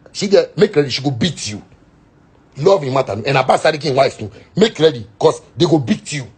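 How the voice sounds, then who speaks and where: Husky, taunting Ghanaian man. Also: a little high, a little mellow. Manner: taunting, mocking, rambling with sing-song jeers; mixes Pidgin and Twi phrases. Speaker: musician answering a critic. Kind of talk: ranting social media video.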